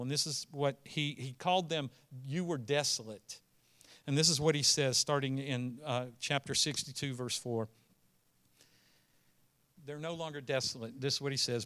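A man preaching a sermon as pastor, moving between quiet storytelling and earnest, emphatic declarations. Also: on the high side, smooth.

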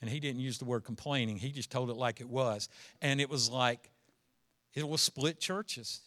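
Bright, lively middle-aged preacher man. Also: normal speed. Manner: animated, acts out quoted complainers; drops to a low confiding voice for asides. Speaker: pastor. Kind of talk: sermon.

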